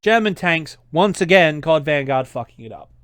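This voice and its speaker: A man's voice: on the high side, animated, normal speed, heavy background noise. Exasperated, swearing Australian man. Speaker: history YouTuber reacting to a game. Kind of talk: casual reaction commentary.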